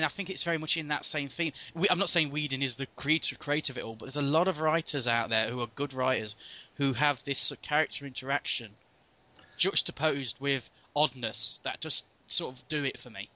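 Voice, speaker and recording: A man's voice: on the high side, brisk, pushed and bright, dull audio. A man co-hosting a casual film commentary, rambling and restarting his thoughts as he goes. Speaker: podcast co-host.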